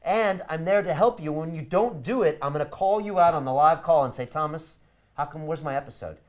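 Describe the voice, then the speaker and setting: A man hosting a live online course webinar, giving a punchy, persuasive sales pitch. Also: fairly quick. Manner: energetic, emphatic, persuasive. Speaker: course host.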